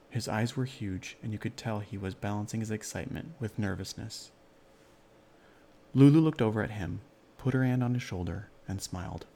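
A man narrating a children's fairy-tale story in a calm, measured way. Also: lowish voice, creaky, slight background noise.

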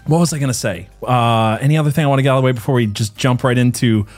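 A man hosting a podcast, his voice sitting in an ordinary middle pitch. He talks in a loose, joking way and laughs often. Faint music plays behind him. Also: rapid-fire. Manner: jokey, chatty, laughs often. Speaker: podcast host. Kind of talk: casual podcast chat.

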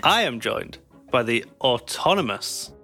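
A man's voice: medium pitch, big pitch swings, a little slow, gravelly, bright, forceful tone, faint music behind. A man chatting as a player on a tabletop podcast, giggly and self-mocking. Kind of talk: casual podcast banter.

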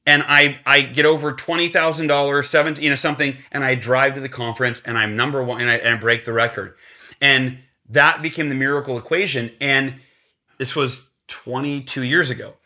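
A man's voice: mid-range voice, a little fast. A man telling a motivational sales story as a podcast guest, acting out the quoted lines. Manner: animated, acts out quotes, motivational.

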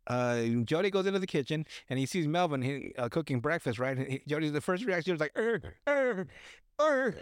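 Podcast dude going over a movie, swears a lot, laughs at his own bits, kinda high voice. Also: fast, hardly any pauses, dry recording, clean studio sound. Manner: profane, laughs often, loose rambling storytelling. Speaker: podcast host. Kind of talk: casual movie recap chat.

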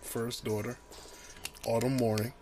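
A man co-hosting a podcast, talking in casual chat that breaks into loud, profane rants with laughter. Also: medium pitch, a little slow, slight background noise. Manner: animated, profane ranting with laughs. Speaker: podcast co-host. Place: small home studio.

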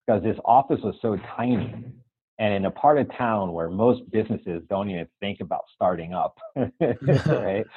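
Heard through a dry, phone-quality recording, this guest has a husky, lowish voice and speaks at a normal pace. Telling the story of his life in an interview, he earnestly acts out conversations and asks "right?" again and again.

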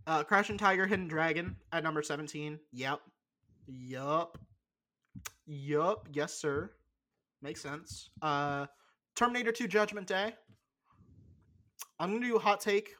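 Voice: mid-range voice, a bit bright. A young adult podcast co-host in casual chat, blunt and opinionated, swearing freely and stalling with lots of fillers. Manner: loose, halting delivery with many fillers.

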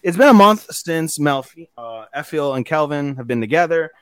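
A man's voice: fairly high pitch, lively intonation, clean tone. Profane young man recapping anime. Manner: rambling, profane, acts out character lines in quick voices. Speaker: podcast co-host.

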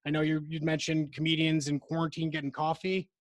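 A man hosting a podcast, talking in a relaxed, conversational way. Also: on the high side, a little fast, dry recording. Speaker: podcast host. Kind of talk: casual podcast interview.

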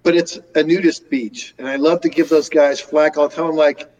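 A man who is a podcast guest and chats with dry, teasing humor. His voice is slightly high. It comes across distant and dull, as if picked up from far off the mic. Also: steady tone, normal speed, a little mellow. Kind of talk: casual interview chat.

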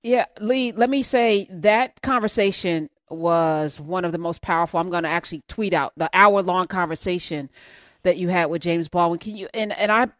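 A woman's voice: on the low side, moderate pace, no echo. A woman hosting a call-in radio show, reacting with enthusiasm and taking calls. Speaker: radio host.

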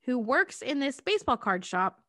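A woman co-hosting a podcast, retelling a movie plot in casual, profane, animated storytelling. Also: sits high, moderate pace, dry recording, studio quality. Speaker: podcast co-host.

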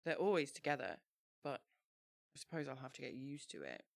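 A woman co-hosting a casual chat, reading from her old teenage diary with lively, laughing energy. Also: very deep voice, fairly quick, gravelly, dry recording, clean studio sound. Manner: animated, laughs easily, reads aloud in bursts.

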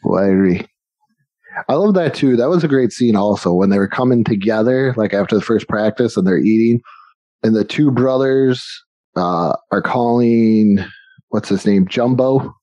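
Mellow-voiced man chatting casually. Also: lowish voice, moderate pace, no room sound, dull audio. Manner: laughs often, acts out quotes. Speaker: podcast co-host. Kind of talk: casual movie chat.

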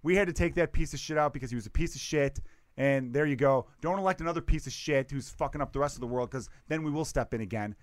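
Quick, blunt podcast co-host, man, slightly high voice, dry close mic. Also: no echo. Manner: blunt, profane, animated storytelling. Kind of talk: casual chat.

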